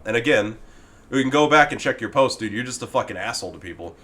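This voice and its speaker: Male gaming commentator, lowish voice, profane exasperated rant addressed at one person. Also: brisk, a bit bright. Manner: heated, profane, exasperated ranting; talks directly to the person he criticizes. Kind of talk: ranting commentary video.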